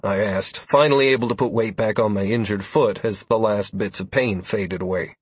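A man narrating a first-person fantasy audiobook, expressive and voicing many characters. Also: fairly low pitch, normal speed, few pauses, husky, no echo.

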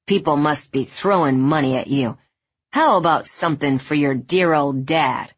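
A woman playing a filthy drunken bum, an older man who wheedles and mocks. The voice is low and husky, and the recording sounds dull and lo-fi. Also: normal speed. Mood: wheedling. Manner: wheedling, mocking.

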